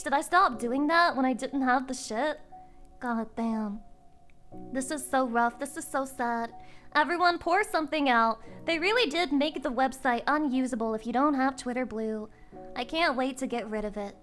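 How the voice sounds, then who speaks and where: A woman VTuber streamer chatting casually with her viewers, excitable and profane, breaking into shrieking laughter. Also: sits high, normal speed, faint music behind. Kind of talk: casual live-stream chat.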